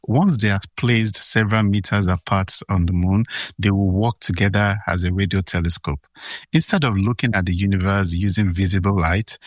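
Earnest low-voiced man explaining science. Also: fairly even intonation, normal speed, dry recording, clean studio sound. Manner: enthusiastic, earnest, smiling while talking. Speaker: science guest.

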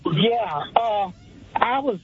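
A man's voice: sits high, animated, extremely slow, husky. A man in his seventies from Atlanta, calling in to a radio show and telling a rambling anecdote, acting out the people in it. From Atlanta, Georgia, USA. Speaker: caller. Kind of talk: phone-in storytelling. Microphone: telephone. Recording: muffled phone line.

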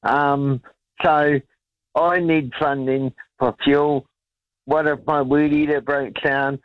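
A New man calling into talkback, speaking slowly and rambling through an indignant complaint. His voice comes through dull and muffled, with a dry, close sound. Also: on the high side, level tone, dry recording. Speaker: radio caller. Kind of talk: phone-in chat.

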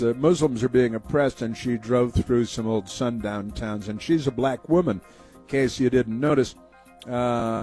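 A man's voice: medium pitch, a little mellow. A man hosting a political talk radio show, mocking and rambling with lots of fillers.

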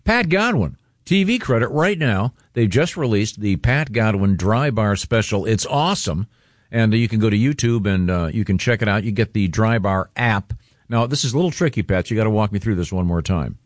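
A man's voice: fairly low pitch, lively intonation, normal speed, dry recording, studio quality. A man hosting a talk show, teasing his co-hosts and plugging a guest's comedy special in casual banter. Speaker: radio show host.

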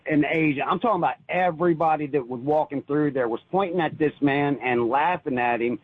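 Husky man talking over a tinny phone line. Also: fairly high pitch, brisk, no echo. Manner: earnest, rambling, repeats words when stirred. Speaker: caller. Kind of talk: emotional call-in storytelling.

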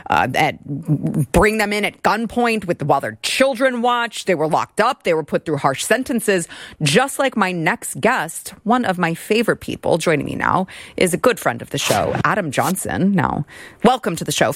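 Lady host, mocking and sarcastic, kinda low voice, dry studio sound. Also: no echo. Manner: sarcastic, mocking, puts on voices to imitate others. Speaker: show host. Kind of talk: political commentary talk show.

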